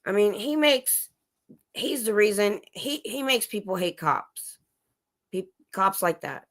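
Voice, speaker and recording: A woman's voice: medium pitch, lively intonation, slow, a bit bright. A woman hosting a casual late-night livestream chat from home, talking loosely with many restarts. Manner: chatty, talks to her dogs between topics, many restarts. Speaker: livestream host. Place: home, dogs in the room. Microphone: livestream setup.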